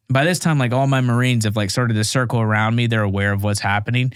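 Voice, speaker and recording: A man's voice: medium pitch, fast talker, hardly any pauses, clear, resonant tone, dry recording. Thirtyish guy telling war stories, jokey, acts out voices, dry studio sound. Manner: animated, self-mocking, acts out dialogue. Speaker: podcast guest, Marine veteran. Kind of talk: casual storytelling.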